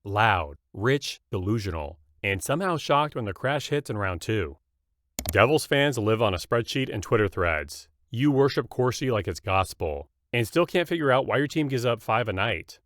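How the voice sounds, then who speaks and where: A man narrating a scripted comedy roast in a mocking, punchy deadpan. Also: on the low side, normal speed, no echo.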